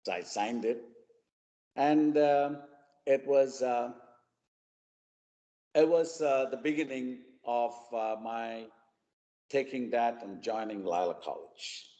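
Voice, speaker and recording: A man's voice: medium pitch, takes it slowly, long pauses, big-room sound, muffled recording. A man from Chennai with an Indian English accent, telling his life story as a guest speaker and briefly acting out the people he quotes. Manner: animated storyteller who briefly acts out the voices he quotes. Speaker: guest speaker at a mentoring webinar. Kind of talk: personal storytelling.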